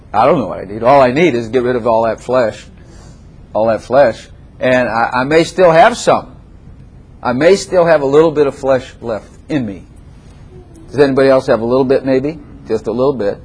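A man preaching a sermon to a congregation in a church room, animated and repetitive, laughing often and quizzing his listeners. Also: medium pitch, normal speed, husky. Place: church room with chairs and a plant.

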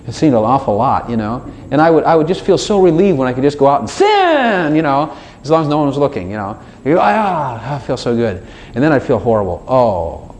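A man's voice: mid-range voice, slight background noise. A man preaching a casual, conversational sermon, acting out his own prayers and God's replies in shifting voices. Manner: animated, acts out dialogues with God in shifting voices. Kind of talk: informal sermon.

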